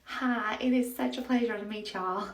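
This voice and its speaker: Woman as a tired, defensive room leader, flat delivery, echoey room. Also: a little high, moderate pace, far from the mic, close to an everyday voice. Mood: exasperated.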